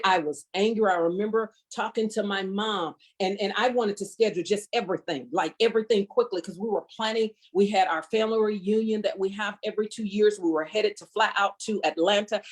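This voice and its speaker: A woman's voice: mid-range voice, steady tone, a little fast. Fervent woman sharing her testimony. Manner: fervent, preacherly, emphatic repetition. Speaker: guest speaker.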